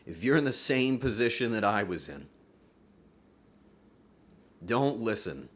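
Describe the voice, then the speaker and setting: A man's voice: fairly low pitch, big pitch swings, unhurried, pauses often, a bit bright. A man streaming live and talking to his chat, earnest and profane, joking and laughing often. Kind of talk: livestream talk to chat.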